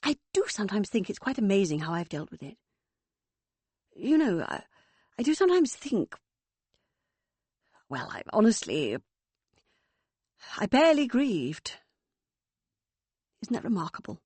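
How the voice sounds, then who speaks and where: A woman's voice: medium pitch, very animated, unhurried, pauses often, a little mellow, slightly rough, no room sound. A woman reading an audiobook voices a self-absorbed mother near sixty with a breezy, sing-song manner. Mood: airy. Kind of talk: audiobook character voice.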